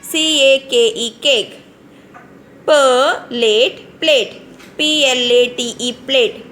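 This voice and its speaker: Her voice is high, bright and forceful, and she takes things slowly. She is a kindergarten teacher with an Indian English accent, running an online phonics lesson in which she spells words letter by letter for young children and patiently repeats them.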